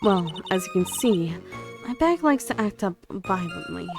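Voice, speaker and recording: A woman voicing a boastful, bubbly elderly head nun, reading her lines loudly over game music. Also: mid-range voice, sing-song, measured pace, gravelly. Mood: recounting.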